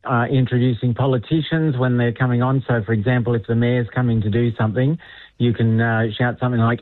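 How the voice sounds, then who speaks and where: A man's voice: medium pitch, fairly even intonation, brisk, no room sound. A man talking as a guest on a radio show, enthusiastic and coaching, laughing often. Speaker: town crier guest on phone. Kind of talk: casual radio chat. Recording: lo-fi phone line.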